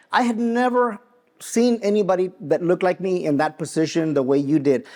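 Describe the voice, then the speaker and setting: A man in his forties, from Mexico and raised in West Texas, co-hosts a podcast. He tells a personal story in a fairly high voice, earnestly and with animation, often restarting his sentences. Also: brisk, a little mellow. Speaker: podcast co-host, attorney.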